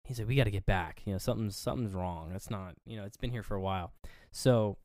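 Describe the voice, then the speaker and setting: A man on a podcast, one of its co-hosts, talks at a quick pace as he loosely retells a movie scene after scene. Lots of fillers and profanity mark his animated style, and he acts out quotes with pitch jumps. The sound is clean studio audio without room noise.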